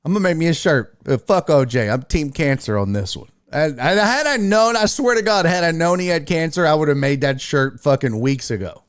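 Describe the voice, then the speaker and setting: A man's voice: fairly high pitch, expressive, a little fast, hardly any pauses, clean tone. A man hosting a casual sports talk stream, reading chat aloud and giving blunt, profane, mocking takes. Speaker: streaming sports show host.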